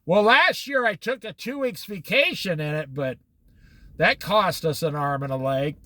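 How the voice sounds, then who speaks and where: On the Oregon coast, a Bible teacher gives a casual study talk in a slightly high male voice at a moderate pace, with no echo. He's animated, acting out little dialogues between people and God.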